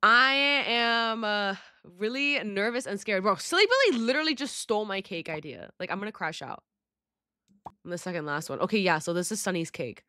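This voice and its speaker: Speaking a little fast with lively intonation, this young woman gives casual commentary on the game she's playing for her YouTube channel. She's bubbly, dramatic and slangy, with sudden squeals, and her medium-pitched voice has a fairly bright tone.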